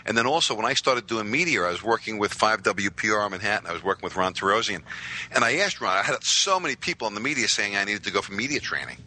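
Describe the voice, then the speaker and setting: A man, telling stories as a podcast guest with lively voiced quotes. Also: lowish voice, fast, rough recording. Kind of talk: casual storytelling.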